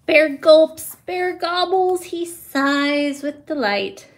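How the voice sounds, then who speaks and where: A woman's voice: high voice, drawn-out words, slight background noise. A woman preschool teacher reading a picture book aloud, with sound effects and asides to the children.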